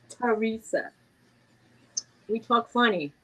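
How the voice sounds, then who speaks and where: A middle-aged woman with a New York accent, chatting casually as co-host, animated and laughing often as she tells stories. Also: a little high, very slow, husky, low-quality recording. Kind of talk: casual chat.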